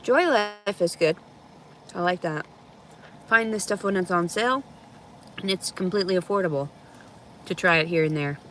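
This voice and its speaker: A woman's voice: fairly low pitch, moderate pace, pauses often, fairly bright tone, a little hiss or hum. A woman chatting candidly outdoors in a park, often laughing and swearing freely as she reacts to messages. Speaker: reality show subject reacting to viewer messages. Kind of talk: casual chat.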